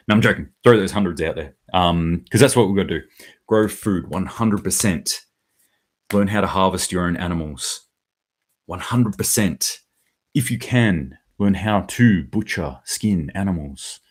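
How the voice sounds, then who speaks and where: A man's voice: low voice, lively intonation, moderate pace, breathy edge. A man hosting his own daily preparedness commentary, talking casually and bluntly, rambling a little and swearing now and then. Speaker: host of a daily preparedness news show.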